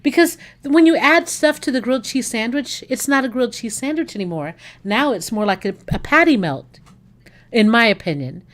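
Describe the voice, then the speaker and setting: A woman's voice: a little high, expressive, moderate pace, fairly bright tone. Chatty, gushing woman livestream host. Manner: chatty and enthusiastic, gushing over food; rambling, with many fillers and self-corrections. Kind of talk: casual chat with viewers.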